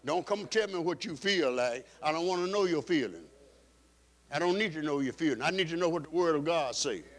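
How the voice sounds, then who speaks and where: A man's voice: on the high side, animated, fairly quick. A male pastor preaching a sermon in an emphatic style, repeating phrases for stress.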